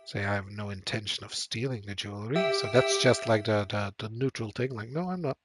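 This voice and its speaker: A man's voice: fairly low pitch, steady tone, brisk, over loud music. A man streaming a game, thinking aloud and reading on-screen choices with lots of fillers. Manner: thinks aloud, reads game text, frequent fillers and laughs. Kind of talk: casual live-stream commentary.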